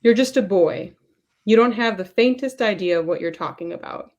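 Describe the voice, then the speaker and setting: A woman's voice: mid-range voice, normal speed, a little mellow, natural voice. Woman reading as an earnest middle-aged therapist. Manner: reading a long monologue off a phone, stumbling on words.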